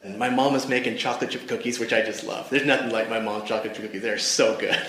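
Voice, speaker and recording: A man's voice: lowish voice, fairly even intonation, quick pace, a bit bright. A man giving a church devotional talk. He tells a personal story earnestly and speaks straight to his listeners. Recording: echoey room.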